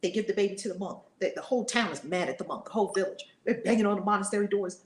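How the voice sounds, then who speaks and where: A woman spiritual teacher telling a story in an animated, conversational way. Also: medium pitch, fast, roomy sound. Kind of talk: storytelling lesson.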